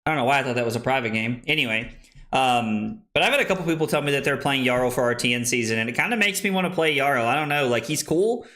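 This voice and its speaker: A young man streaming a card game, chatting casually, excitable, laughing and swearing freely as he plays. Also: mid-range voice, fast talker. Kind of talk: casual live-stream chat while playing.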